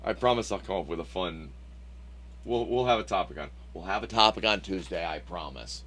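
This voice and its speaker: A man co-hosting a podcast in casual chat, asking probing questions playfully and trailing off into quiet mumbles. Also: deep voice, a little fast. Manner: playful, questioning, drops to a mumble at phrase ends. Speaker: podcast co-host.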